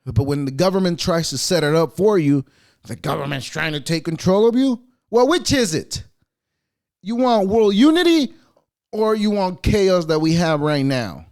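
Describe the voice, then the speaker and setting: A man's voice: sits high, animated, moderate pace, darkish tone. A man hosting a podcast, going off in a sarcastic, rambling, profane monologue. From United States. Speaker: podcast host. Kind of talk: casual opinionated monologue.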